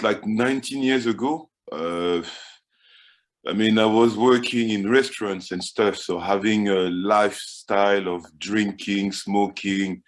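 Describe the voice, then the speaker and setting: A man with a French accent speaking as a guest coach on a video call, often stammering and repeating words. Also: on the low side. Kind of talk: casual video-call interview.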